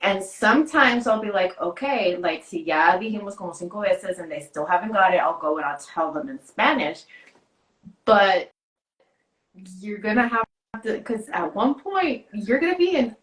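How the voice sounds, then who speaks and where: A woman's voice: medium pitch, animated, normal speed, fairly bright tone, reverberant, poor audio. A woman hosting a casual chat, mixing English and Spanish as she talks. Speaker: podcast host.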